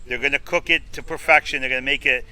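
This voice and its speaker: A man's voice: mid-range voice, fast, dry recording. A middle-aged man from New York, a food reviewer telling stories in a casual interview and acting out what people said. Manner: animated storyteller who acts out quoted dialogue.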